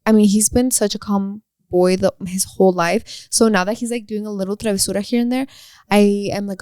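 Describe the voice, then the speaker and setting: A woman's voice: mid-range voice, fairly even intonation, fairly quick, warm tone, smooth, no echo. Young female co-host, casual and talkative, dips into Spanish; dry close-mic sound. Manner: chatty, switches into Spanish phrases. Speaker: podcast co-host. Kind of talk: casual chat.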